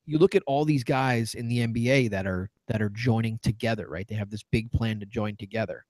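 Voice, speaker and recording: A man's voice: fairly low pitch, brisk, a little mellow, no echo. A man co-hosting a sports podcast, reading out listener messages with a wry tone. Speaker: podcast co-host. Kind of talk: casual sports talk.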